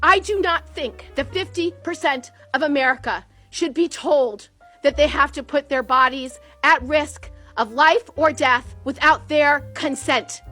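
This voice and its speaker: A woman's voice: sits high, unhurried, bright, forceful tone, faint music behind. A woman giving an impassioned political speech, emphatic and repeating phrases for emphasis.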